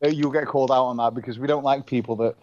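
A man's voice: mid-range voice, steady tone, very fast, highs cut off, a little hiss or hum. A man from northwest England with a Manchester accent, chatting casually as host, laughing often and restarting his sentences. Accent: Mancunian English. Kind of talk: casual chat.

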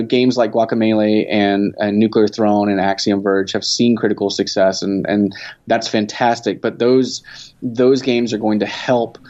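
A man's voice: on the low side, a little mellow. A man answering interview questions in a casual way, hesitant and full of fillers and restarts. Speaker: guest from a game company. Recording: dull lo-fi sound.

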